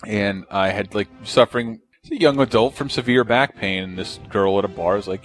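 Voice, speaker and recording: A man's voice: lowish voice, normal speed, few pauses, soft background music. A man co-hosting a podcast, telling a rambling story in casual chat. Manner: rambling, animated, acts out drunk voices. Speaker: podcast co-host.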